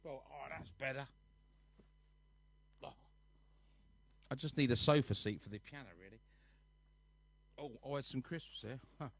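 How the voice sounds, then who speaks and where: A man's voice: medium pitch, measured pace, vocal fry, long pauses, slight background noise. A man chatting casually to his live-stream audience from his sofa at home, rambling and reading viewer comments aloud. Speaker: live-stream host and musician.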